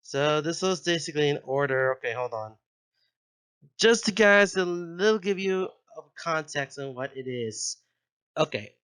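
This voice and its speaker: A man's voice: fairly high pitch, pushed and bright, clear, resonant tone. A young man hosting his own channel, chatting casually, giggling often and drifting into tangents. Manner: giggly, goes off on tangents, corrects himself. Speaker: channel host. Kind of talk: casual rambling commentary.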